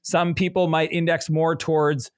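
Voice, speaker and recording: A middle-aged man with a slightly raised speaking voice talks as a business coach, telling stories with energy. He slips into lively quotes of other people as he goes. The sound is close and dry, with no room around it. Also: fairly high pitch, normal speed, clean tone, dry recording. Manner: energetic storyteller, animated quoting of others. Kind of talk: conversational interview.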